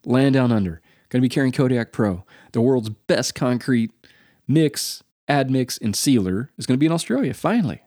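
A man from the United States co-hosting a podcast, telling a story in a lively way and acting out the quotes. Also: medium pitch, moderate pace, no echo, studio quality. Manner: animated storyteller, acts out quotes. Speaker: podcast co-host. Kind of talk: casual podcast chat.

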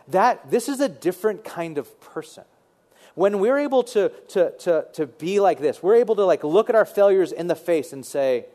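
A man preaching a sermon in a conversational, animated way, often repeating words as he thinks. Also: sits high, moderate pace. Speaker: pastor.

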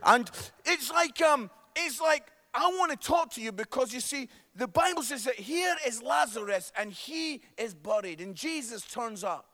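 A middle-aged man with a Scottish accent preaches to his congregation in a very high voice. He is lively and playful, teasing the room and checking in with a quick "yeah?" between points. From Scotland. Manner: lively, jokey with the congregation, tag questions like "yeah?". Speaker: pastor. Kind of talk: sermon.

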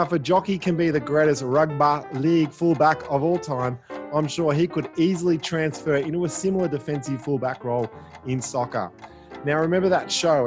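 A man, co-hosting a casual sports debate podcast, eager and quick to giggle. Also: fairly high pitch. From Australia. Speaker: podcast co-host.

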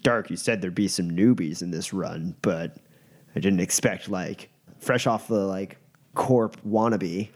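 A man's voice: sits low, measured pace. Man doing a sneering horned street runner. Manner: dismissive, mocking.

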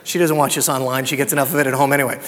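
A man's voice: mid-range voice, little pitch movement, very fast, a bit bright. A man preaching a sermon as pastor, mixing scripture with personal stories and rhetorical questions. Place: church sanctuary. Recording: long hall reverb.

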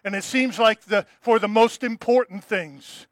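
A male pastor preaching a sermon in an emphatic style. He repeats his key phrases and drops to a soft, low tone to stress them. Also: a little slow, no echo.

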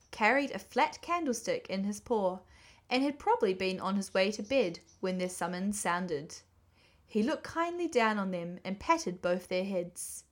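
A woman reading a classic children's book aloud, gentle and expressive. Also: mid-range voice. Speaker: storyteller.

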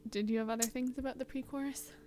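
A woman's voice: high-pitched, fairly even intonation, quick pace, warm tone, a little hiss or hum. A woman hosting a podcast, chatting casually about song lyrics and filling her talk with "like". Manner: chatty, many "like" fillers. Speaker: podcast host.

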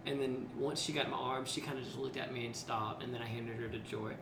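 A man's voice: mid-range voice, steady tone, quick pace. A man hosting a podcast, chatting casually and a bit rambling. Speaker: podcast host. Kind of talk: casual interview chat. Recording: roomy with audible noise.

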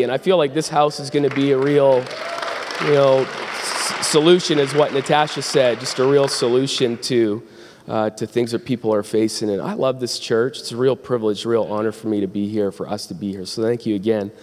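A man's voice: mid-range voice, brisk, darkish tone. Young man, guest pastor, sermon, rambling, self-interrupting, church with long reverb. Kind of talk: sermon with scripture reading. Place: church sanctuary.

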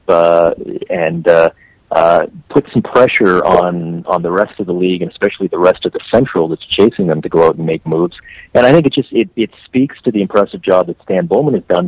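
A man from Canada talking hockey on a podcast, animated and full of restarts, his pitch leaping on stressed words. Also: brisk, no echo, poor audio. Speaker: hockey writer guest. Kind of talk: casual podcast chat.

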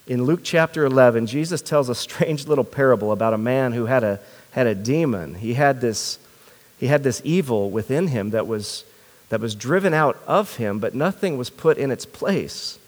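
A man's voice: medium pitch, animated, moderate pace. Male pastor, sermon delivery, earnest and questioning, repeats words mid-thought, reverberant church hall.

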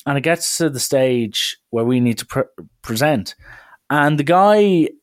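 Man, young adult, casual anecdote, lively chatty delivery, medium pitch. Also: measured pace. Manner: lively, chatty, lots of "like" fillers. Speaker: storyteller.

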